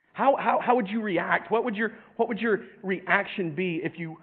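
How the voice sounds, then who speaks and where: A male preacher gives a lively sermon, repeating words as he goes and putting on voices for comic effect. His voice sits fairly high. The recording sounds thin and tinny, like it came through a phone line. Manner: animated, repeats words, acts out voices with humor. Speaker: pastor.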